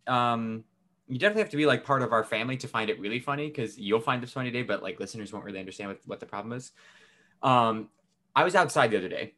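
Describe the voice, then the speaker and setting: A man's voice: mid-range voice, fast talker, pushed and bright. A young man co-hosting a podcast, telling a family story in a casual, swearing, laughing way. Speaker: podcast co-host.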